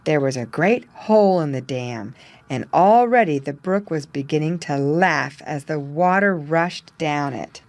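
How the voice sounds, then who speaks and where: A woman reading a children's animal story aloud in clear, measured narration. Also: low-pitched, lively intonation, darkish tone, dry recording.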